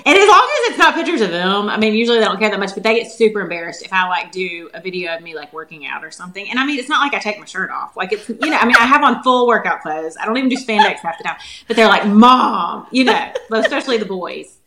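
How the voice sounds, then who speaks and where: A woman in her forties with a Southern US accent, chatting casually as a podcast guest, quick and full of "like" fillers. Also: mid-range voice, animated, echoey room, crowd noise. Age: 40s. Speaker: guest, holistic nutritionist.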